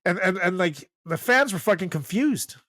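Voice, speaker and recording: A man's voice: high-pitched, lively intonation, moderate pace, pushed and bright, no echo. A man in his thirties co-hosting a comedy podcast, riffing in a profane, laughing, casual way. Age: 30s. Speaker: podcast co-host.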